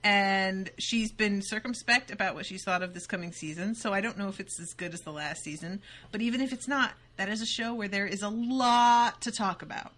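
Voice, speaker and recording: Enthusiastic bright-voiced woman host. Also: medium pitch. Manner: enthusiastic, fast, swears casually. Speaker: podcast host. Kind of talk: casual chat.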